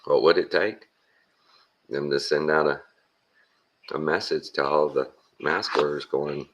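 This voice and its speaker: A man's voice: rumbling low, fairly even intonation, unhurried, fairly bright tone. A man from Texas with a Texan accent, talking in a blunt, plainspoken, rambling monologue full of folksy slang. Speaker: vlogger.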